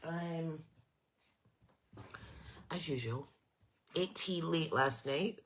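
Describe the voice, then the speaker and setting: Middle-aged woman on a craft stream, stuffed-up nose, deep-ish voice, chats slow n easy. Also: slight background noise, rough recording. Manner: friendly, rambling, greets viewers by name. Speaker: craft livestream host. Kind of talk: chatty live stream.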